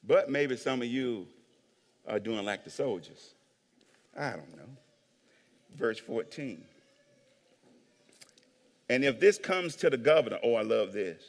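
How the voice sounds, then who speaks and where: A man preaching a sermon as pastor, animated, acting out voices and swinging between hushed asides and shouts. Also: medium pitch, takes it slowly, pauses often. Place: church hall with long reverb. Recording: reverberant hall.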